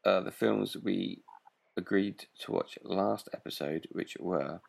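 Very deep, gravelly-voiced man. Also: slow. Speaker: podcast host. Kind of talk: casual chat.

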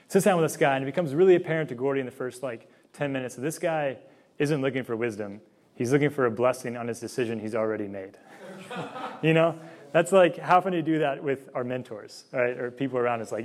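A man's voice: mid-range voice, quick pace. A man giving a casual sermon-style talk on discernment, conversational and full of asides and acted-out dialogue. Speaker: speaker giving a faith formation talk.

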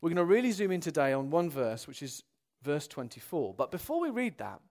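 Man, young adult, preaching, earnest, animated swings in loudness, high-pitched. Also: a little fast. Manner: animated, swings from loud exclamations to quiet earnest tones. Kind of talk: sermon.

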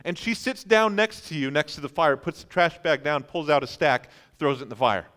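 A man's voice: on the high side, brisk, a bit bright, clean tone. A man preaching a sermon, telling vivid stories and acting out incredulous reactions. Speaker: pastor.

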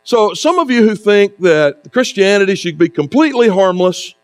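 High-voiced man preaching conversationally. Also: very animated. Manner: conversational preaching with rhetorical asides and dramatic pauses. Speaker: pastor. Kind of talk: sermon.

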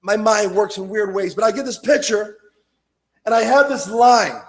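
High-voiced preacher shouting his sermon. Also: normal speed. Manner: impassioned, shouting and then dropping low. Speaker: pastor.

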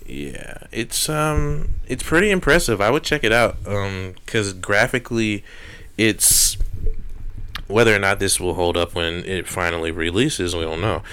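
A man's voice: lowish voice, measured pace, pushed and bright, clear, resonant tone. A young man co-hosting a podcast, chatting casually with lots of swearing and rambling jokes. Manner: rambling, profane, jokey. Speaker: podcast co-host. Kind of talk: casual chat.

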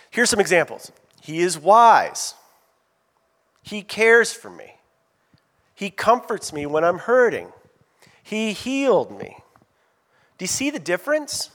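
A man preaching a sermon as pastor, animated, drawing call-out answers from the congregation. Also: high-pitched. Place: church sanctuary. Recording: long reverb of a church hall.

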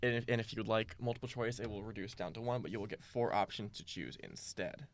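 A young man hosting a casual movie trivia game, reading questions slowly and deliberately. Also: lowish voice. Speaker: quiz host.

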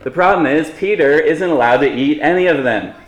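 A man's voice: a little high, brisk, echoey room. A man preaching a sermon in a conversational way, with light humorous asides to the congregation. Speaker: pastor.

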